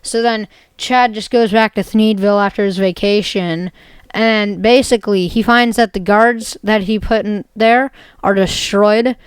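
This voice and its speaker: Casual woman video creator, mid-pitched, rambles through a jokey made-up story. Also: steady tone, a little slow, clean tone, no echo. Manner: rambling, jokey, full of "basically" and "like". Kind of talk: rambling comic story retelling.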